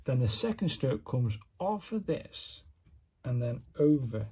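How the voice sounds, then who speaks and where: Husky-voiced guy, slow and mellow, chatting thru a demo and picking at his own mistakes. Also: mid-range voice, sing-song. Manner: self-critical, chatty, narrates while working. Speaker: calligraphy hobbyist demonstrating. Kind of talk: casual step-by-step demonstration.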